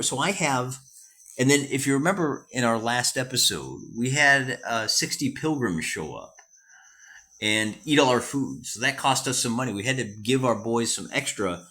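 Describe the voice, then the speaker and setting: An American man narrates a casual solo wargame session, thinking out loud in a relaxed, wandering way and often correcting himself. His voice is in an ordinary middle register, with pitch that rises and falls energetically.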